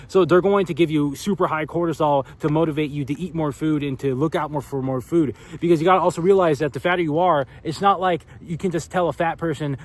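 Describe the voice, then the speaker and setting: A man's voice: fairly high pitch, brisk. A young man vlogging in a casual, profane, filler-heavy rant. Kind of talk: casual ranting monologue.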